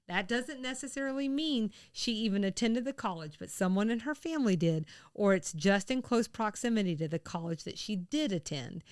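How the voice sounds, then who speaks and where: A woman from the American South chats casually as a podcast co-host. Her voice is smooth and clear, and she wanders into rambling asides between bursts of laughter. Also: medium pitch. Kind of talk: casual chat.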